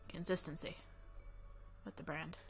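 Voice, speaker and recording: A woman's voice: sits low, steady tone, unhurried, faint music behind. Woman chatting thru a visual novel playthrough, upbeat and rambly, coughs a lot, desk mic. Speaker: let's play host. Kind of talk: casual gameplay commentary. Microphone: desk microphone.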